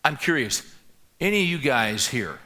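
A man's voice: mid-range voice, very animated, moderate pace, pushed and bright. A middle-aged man preaching a sermon, telling a personal story in a conversational way and asking the congregation questions. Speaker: pastor.

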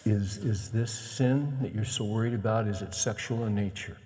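A middle-aged man preaches a sermon, his voice sitting fairly low. He retells a story in a conversational, animated way and acts out the dialogue. His voice carries a long reverb from a large church hall. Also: moderate pace, a little hiss or hum. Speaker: pastor.

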